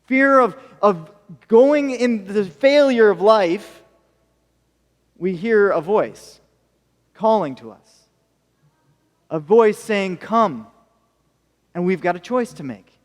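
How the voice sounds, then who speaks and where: A man's voice: high voice, long reverb tail. A male American pastor preaching a sermon, telling stories with jokey asides. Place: church hall.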